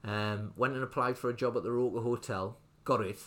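A man's voice: medium pitch, fairly even intonation, a little fast. A young man, a restaurant owner telling his story in a casual interview, rambling with lots of fillers and restarts. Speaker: restaurant owner, podcast guest.

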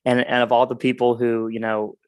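A man co-hosting a podcast, speaking in a measured, reflective way in casual chat. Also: medium pitch, flat delivery, clean tone. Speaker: podcast co-host.

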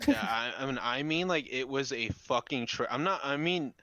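A man in his twenties, a podcast co-host, telling an animated and profane story in casual chat. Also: medium pitch, moderate pace, crowd noise. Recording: slightly dull lo-fi sound.

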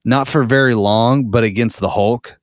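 A man's voice: medium pitch, steady tone, normal speed, no echo, clean studio sound. A man in a casual podcast chat, a profane, rambling storyteller.

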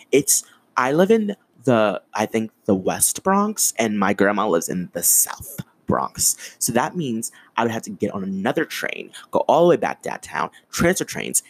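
A young man in his twenties hosts a casual solo podcast, telling a story in an animated, swearing rant. His voice sits low with a gravelly edge, yet it leaps high and drops back constantly. The recording is dry and close to the mic. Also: no echo. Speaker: podcast host.

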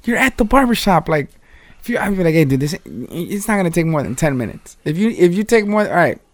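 A man's voice: high-pitched, big pitch swings, brisk, no echo. A man co-hosting a podcast in casual chat, agreeing readily and mixing phrases into his English. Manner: agreeable, chimes in, mixes Spanish phrases into English. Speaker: podcast co-host.

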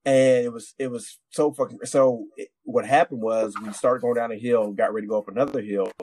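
Man, veteran, podcast story, rambling, swearing a lot, mid-pitch voice, dry close mic. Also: steady tone, brisk, darkish tone, no echo. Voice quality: rambling, profane, many restarts. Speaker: podcast co-host, military veteran. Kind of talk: casual storytelling.

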